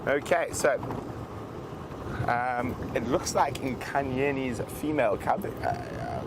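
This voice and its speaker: A man's voice: mid-range voice, huge pitch swings, takes it slowly, creaky. A man hosting a live safari drive from an open vehicle, chatting and reading out viewer comments. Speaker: safari guide and live show host. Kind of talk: live safari broadcast chat. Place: open vehicle outdoors in the bush. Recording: loud vehicle and outdoor noise.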